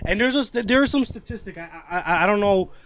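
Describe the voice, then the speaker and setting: A man's voice: high-pitched, expressive, fast talker, fairly bright tone. Profane, ranting podcast host, man. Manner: profane, rambling rant with many restarts. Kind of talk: casual podcast chat.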